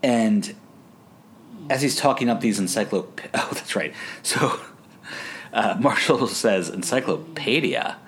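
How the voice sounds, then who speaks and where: A man's voice: fairly low pitch, slow, long pauses, a little hiss or hum. A man co-hosting a podcast, chatting casually as he recaps a TV episode, laughing and acting out quotes in funny voices. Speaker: podcast co-host.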